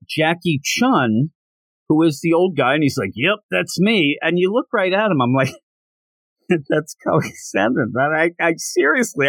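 A man hosting a podcast, casually retelling a comic chapter with amused asides and quick voice impressions. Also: fairly high pitch, no echo. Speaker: podcast host. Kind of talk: casual manga recap.

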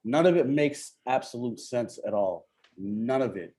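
A man's voice: mid-range voice, lively intonation, a little slow, warm tone. A man chatting casually as a podcast guest, laid-back and slangy, often laughing. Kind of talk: casual chat.

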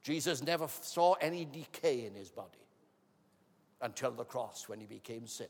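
Preacher with dramatic storytelling. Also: male voice, mid-range voice, animated, moderate pace. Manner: dramatic storytelling, acting out voices, building to shouts. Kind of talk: sermon. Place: auditorium. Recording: long hall reverb.

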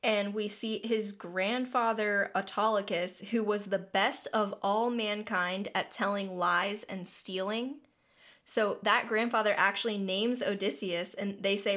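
A young woman in casual chat about a book, animated, acting out quotes and laughing often. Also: mid-range voice, a little slow. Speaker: book discussion co-host.

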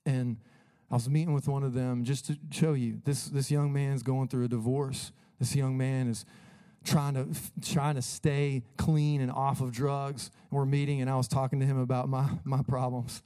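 A man's voice: mid-range voice, flat delivery, normal speed, mellow, clean tone. Earnest, casual-talking male pastor. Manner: casual, earnest, conversational preaching. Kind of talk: sermon.

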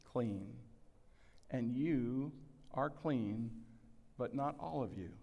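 A man in his sixties delivers a sermon to a large congregation. His voice sits at an ordinary pitch, earnest and self-deprecating, and he acts out the lines he quotes. A long hall reverb trails every phrase. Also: warm tone. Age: 60s. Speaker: pastor.

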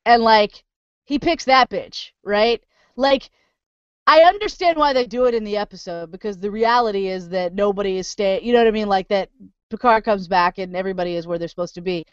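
A woman chatting casually on a podcast, animated and profane, swinging into loud indignant rants. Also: mid-range voice, brisk, clear, resonant tone, no room sound, highs cut off. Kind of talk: casual chat.

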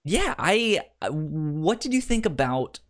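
Halting male podcast co-host. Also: fairly high pitch, very animated. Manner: halting, many restarts and fillers. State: hiccups. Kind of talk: casual chat.

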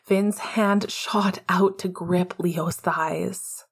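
A woman narrating an audiobook in a hushed, intimate way, often half-whispering. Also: on the low side, fairly even intonation, very slow, creaky, slightly rough.

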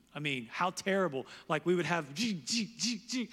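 Animated high-voiced male pastor preaching. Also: normal speed, few pauses, slightly rough, in a large hall. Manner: animated, voices quoted characters loudly. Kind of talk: sermon.

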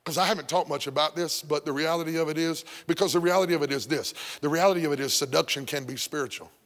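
A male pastor preaching a sermon, breaking into shouts and sung phrases, then dropping to a hush. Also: fairly high pitch, fast talker, in a large hall. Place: church sanctuary.

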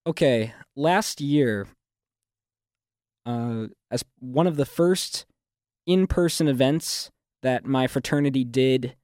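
Young man, smooth newsreader delivery. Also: mid-range voice, a little mellow, no room sound, clean studio sound. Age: young adult. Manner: fluent, newsreader-like delivery with restarts and laughs. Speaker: graduating student guest. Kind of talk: casual radio interview. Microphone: studio microphone.

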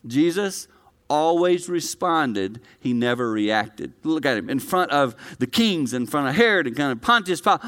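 A male pastor preaching a conversational sermon to a live congregation, swinging from quiet, low delivery to loud, high-pitched excitement. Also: normal speed. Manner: conversational, personal preaching with direct address.

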